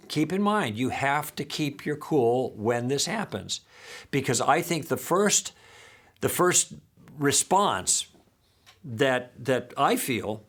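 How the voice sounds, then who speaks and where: A man's voice: mid-range voice, fairly bright tone. A man teaching a lesson in a friendly, patient way, sometimes acting out sample lines.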